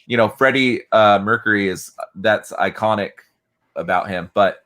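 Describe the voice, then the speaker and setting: Joking man chatting on a podcast. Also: on the low side. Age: adult, father of kids. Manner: joking, animated, acts out quick impressions. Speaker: podcast co-host. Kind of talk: casual chat.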